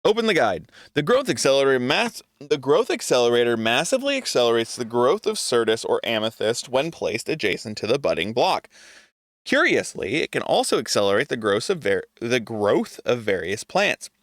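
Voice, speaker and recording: A man's voice: mid-range voice, big pitch swings, normal speed, fairly bright tone, no echo, studio quality. A young adult man giving casual gameplay commentary, talking to himself in an exasperated, joking way. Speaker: gaming video creator.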